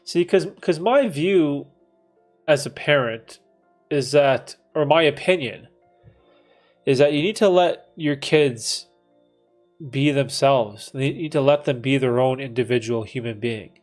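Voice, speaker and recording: Answering his livestream chat at a measured pace, this man in his thirties has a mid-range voice, and faint music plays in the background. His style is relaxed and casual, peppered with lots of dude and bro plus some cursing.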